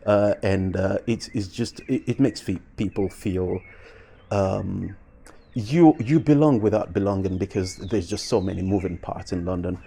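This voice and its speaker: Low mellow-voiced man musing aloud. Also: measured pace, gravelly, breathy edge. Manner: reflective, with frequent fillers and restarts. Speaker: vlogger. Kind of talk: casual commentary.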